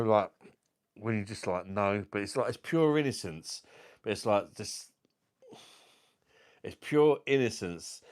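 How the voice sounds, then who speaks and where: A man in his thirties telling rambling personal stories in casual chat, swearing freely and often checking in with his listener. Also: low voice. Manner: keeps saying "do you know what I mean". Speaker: beer review vlogger.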